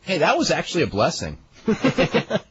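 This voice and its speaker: A man's voice: on the high side, wildly swooping pitch, moderate pace, fairly bright tone, husky. A man hosting a talk radio show, chatting casually and telling rambling stories with chuckles. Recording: dull lo-fi archive radio with faint hiss.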